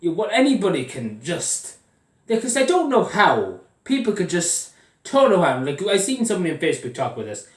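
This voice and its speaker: Heated and cursing, an Irish vlogger rants about politics, circling back to the same points repeatedly. His pitch swoops wildly as the anger builds, though he keeps to a normal speed. Recorded from a distance, his voice comes across a bit off the mic with room echo around it.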